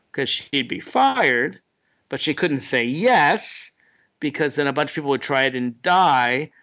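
A man delivers a political opinion monologue in a sardonic, animated way. His voice sits a bit high and sounds bright and forward, and it leaps upward when he mocks someone. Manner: sardonic, animated with sudden pitch jumps. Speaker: political commentator host.

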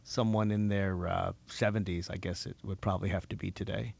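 A man hosting a political talk show, delivering an animated monologue and mocking his opponents' replies. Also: low-pitched, a little fast, creaky, husky, no room sound, lo-fi sound. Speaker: host.

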